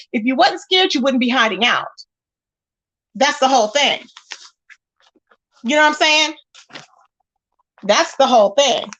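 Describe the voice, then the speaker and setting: Sassy high-voiced woman spilling gossip. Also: fairly bright tone. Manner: sassy, emphatic, rhetorical questions to viewers. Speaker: commentary channel host. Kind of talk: casual gossip commentary.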